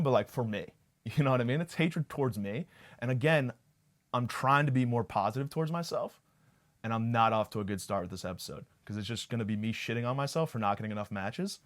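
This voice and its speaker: A young man hosting a podcast, rambling through a profane, self-deprecating comedic monologue. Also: lowish voice. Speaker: podcast host.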